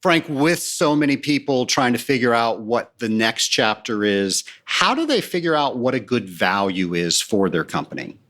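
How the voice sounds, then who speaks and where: A man hosting a podcast interview, setting up long, measured questions for his guest. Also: medium pitch, sing-song, a bit bright. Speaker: podcast host.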